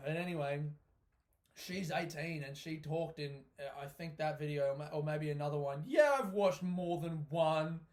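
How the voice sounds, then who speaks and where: Brief: male comedian, solo podcast rant, animated and sweary, voice sits a bit high. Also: unhurried. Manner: animated, heavy swearing, frequent laughter. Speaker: stand-up comedian hosting his own podcast. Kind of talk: casual solo podcast monologue.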